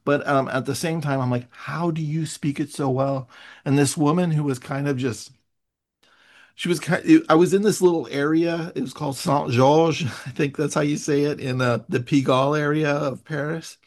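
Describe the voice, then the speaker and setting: Male host, slightly higher voice, animated chatty storyteller. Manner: animated storyteller, quick asides and laughs. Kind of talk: casual chat.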